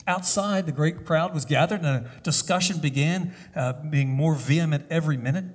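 A man preaching a sermon, telling a story deliberately, with pauses and hesitations. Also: on the high side, husky. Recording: long hall reverb.

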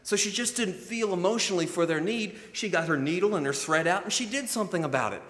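A man's voice: high voice, lively intonation, fast talker, fairly bright tone. Preacher man in a reverberant church. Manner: storytelling preacher, acts out quoted voices. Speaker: pastor. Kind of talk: sermon. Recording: long hall reverb.

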